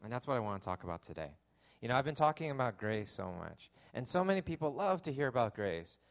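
A man's voice: medium pitch, sing-song, fast talker, vocal fry. Chatty man preaching a sermon. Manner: conversational, self-deprecating humor with lots of fillers. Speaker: pastor.

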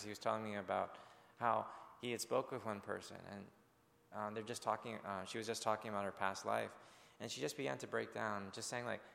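A man's voice: on the low side, creaky, fairly bright tone, long reverb tail. A male pastor preaching a sermon in an earnest, conversational way, speaking directly to his congregation.

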